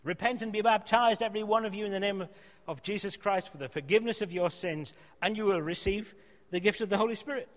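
A preacher delivers an earnest sermon, pressing his points hard and then easing into quieter appeals. His voice sits fairly high for a man. It rings through a hall with a long, lingering reverb. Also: fast talker. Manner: earnest, emphatic, rising to loud exhortation then dropping soft.

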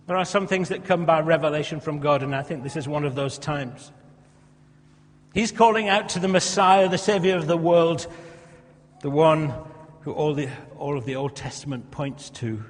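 A man's voice: on the high side, expressive, normal speed. A male preacher, delivering an impassioned sermon and acting out characters. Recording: reverberant hall.

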